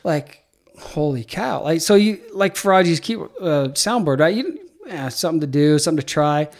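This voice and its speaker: A middle-aged man, a head athletic trainer, telling animated stories in a casual interview and acting out quoted dialogue. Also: a little high, moderate pace.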